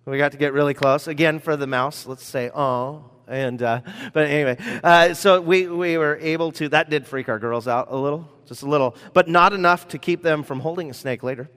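A man's voice: on the high side, fairly quick, hardly any pauses, fairly bright tone, clear, resonant tone. American guy preaching, loose and rambly with lots of uhs, long hall echo. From United States. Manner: conversational, rambling with fillers and asides. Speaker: pastor. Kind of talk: sermon with personal stories. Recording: reverberant hall.

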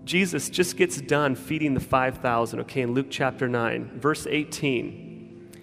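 Faint music plays behind a man preaching a casual, story-led sermon as a pastor, frequently restarting sentences amid a large hall's long reverb. His mid-range voice is a bit bright, slightly slow, and marked by vocal fry.

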